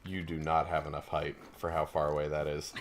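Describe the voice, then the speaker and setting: A man's voice: a bass voice, flat delivery, a little fast. Rambling man with a chest cold. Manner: rambling and hesitant, many restarts. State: lingering chest cold, occasional coughing. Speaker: co-host commenting on gameplay. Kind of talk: casual let's-play chat.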